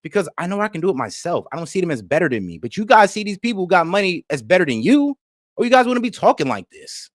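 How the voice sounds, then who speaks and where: A man's voice: high voice, very animated, fast talker, dry recording, clean studio sound. A man giving casual reaction commentary, brash and mocking, swearing and laughing as he talks back at a video. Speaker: reaction streamer.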